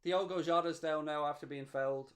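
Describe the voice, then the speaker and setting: High-voiced excitable male fan host. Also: a little fast, a little hiss or hum. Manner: excitable, cheering and gloating, reading chat aloud. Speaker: watchalong host. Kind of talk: live match watchalong commentary.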